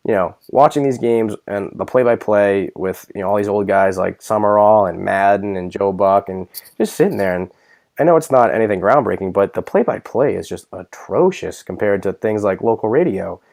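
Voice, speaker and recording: Low-voiced man ranting about sports. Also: moderate pace, gravelly. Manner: animated, swearing rants with loud mock outbursts. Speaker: podcast co-host. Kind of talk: casual sports podcast chat.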